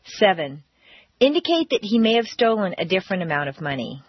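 A woman narrating a pronunciation lesson on an audio course, speaking clearly and deliberately with exaggerated word stress. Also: mid-range voice, very animated, no echo, muffled recording. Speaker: pronunciation teacher. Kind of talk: scripted language-course narration.

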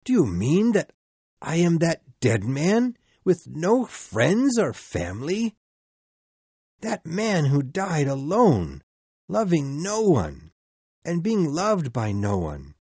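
A man's voice: medium pitch, big pitch swings, measured pace, darkish tone, breathy edge, no room sound, full character voice. A man reading a storybook and voicing a frightened old miser who begs and cries out. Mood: anguished. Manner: pleading, rising to anguished cries.

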